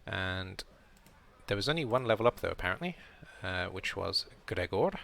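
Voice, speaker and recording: A man's voice: deep voice, lively intonation, normal speed, vocal fry, a bit bright. A man streaming a casual round-up of his game league as host, rambling and correcting himself as he thinks aloud.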